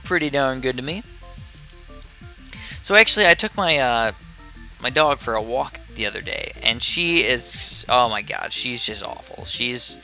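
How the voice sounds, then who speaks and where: Sleepy, rambling young man with bright voice. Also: mid-range voice, expressive, normal speed, soft background music. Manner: rambling, chatty, drifts off topic. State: sleepy, yawning. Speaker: gameplay commentator. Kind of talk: casual gameplay commentary.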